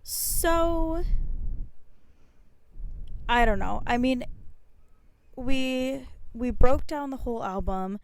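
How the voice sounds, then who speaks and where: A woman's voice: sits high, drawn-out words, long pauses, clear, resonant tone. A woman co-hosting a casual podcast chat, joking with dry understatement. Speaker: podcast co-host.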